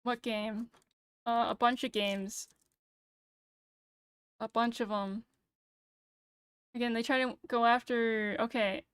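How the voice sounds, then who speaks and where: A woman's voice: a little high, fairly bright tone, clear, resonant tone, no room sound. A young woman streamer in casual livestream chat, ranting sarcastically and swearing freely into a close mic. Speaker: VTuber streamer.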